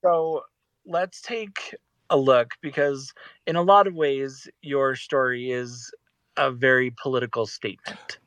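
A man's voice: medium pitch, fairly even intonation, a little slow, fairly bright tone, no room sound. A man co-hosting a casual podcast discussion, talking in a rambling way with many fillers and restarts. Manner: rambling, hesitant, with frequent fillers. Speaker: podcast co-host.

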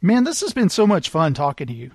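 A man's voice: a little high, quick pace, slightly rough, no echo. A man in casual chat about movies, telling scenes and acting out lines as he goes. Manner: animated storyteller, acts out film lines.

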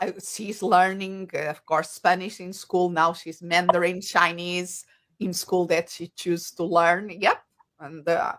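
Lady speaking english as a guest, kinda low pitched, lots of ums and restarts. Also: fairly bright tone. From Portugal. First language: Portuguese. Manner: hesitant, searching for words. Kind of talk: conversational interview.

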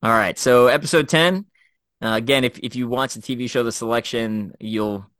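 A former Special Forces officer in middle age, appearing as guest co-host, chats casually on a podcast about his military days. His storytelling is animated and full of fillers and restarts, delivered in a mid-range voice at normal speed in a dry recording.

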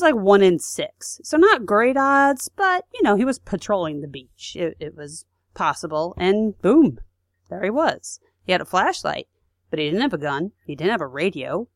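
A woman's voice: lowish voice, no echo, studio quality. Chatty woman telling history. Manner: chatty, with fillers and asides. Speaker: podcast co-host. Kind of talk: casual history storytelling.

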